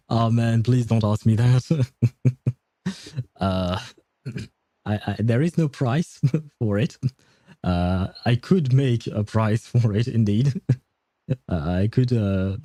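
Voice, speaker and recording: A man streaming a game, chatting casually, laughing often and filling pauses with hesitant "uh"s. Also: lowish voice, dark tone, dry recording. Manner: reads and answers chat aloud. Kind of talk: casual live-stream chat while playing.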